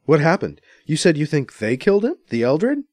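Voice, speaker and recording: A man's voice: fairly high pitch, huge pitch swings, moderate pace, darkish tone, no echo, studio quality, voice pushed up. A man voicing a reluctant man newly put in charge, earnest, fumbling and defensive.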